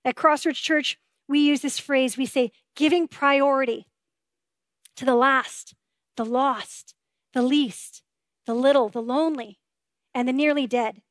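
A woman preaching a sermon with a high, clear voice, earnest and conversational, often turning to rhetorical questions. The sound is close and dry, with no room around it. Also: steady tone, a little slow, no echo. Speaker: pastor.

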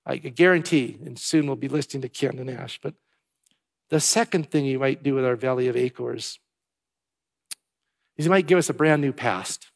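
A man preaching a sermon, swinging between hushed, tender passages and loud, emphatic ones. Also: mid-range voice, normal speed, vocal fry, pauses often. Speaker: pastor.

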